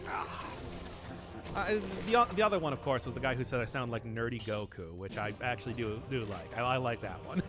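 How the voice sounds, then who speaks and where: A streamer with a medium-pitched voice talks briskly and animatedly over music. As he plays a game, he chats casually with viewers, rambling, chuckling and responding to chat.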